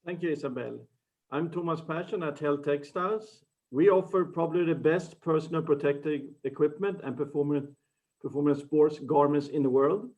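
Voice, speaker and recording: Man, earnest pitch, slightly high voice, muffled call audio. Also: normal speed, darkish tone. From Sweden. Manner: earnest, slightly broken phrasing with restarts. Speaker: startup founder pitching. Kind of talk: business pitch.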